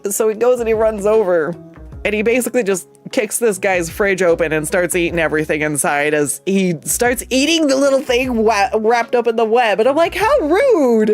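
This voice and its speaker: A streamer chats loosely while drawing, rambling through an anecdote with frequent swearing and laughter. The voice sits in a middle pitch. Soft music plays quietly behind. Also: a little fast. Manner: rambling, profane, laughs often. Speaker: artist and streamer. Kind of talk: casual storytelling while drawing.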